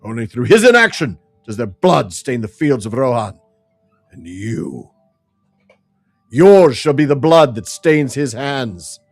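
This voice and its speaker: A man's voice: lowish voice, animated, moderate pace, slightly rough, no echo, faint music behind. A man voicing a grief-maddened, vengeful warrior who speaks bitterly and accusingly in a fantasy game. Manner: bitter, accusing, bursts into shouting.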